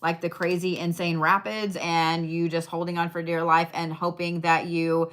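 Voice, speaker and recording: A woman's voice: on the low side, little pitch movement, normal speed, fairly bright tone. A woman doing a casual livestream card reading, blunt, chatty and full of swearing as she talks to viewers.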